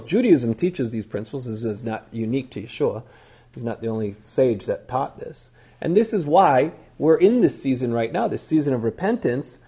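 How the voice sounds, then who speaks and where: A male teacher gives a conversational sermon in a husky voice. His tone is mellow and dark, and he speaks at a medium pitch. He drifts between points and asks his listeners questions as he goes. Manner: conversational, digressive, quizzes listeners.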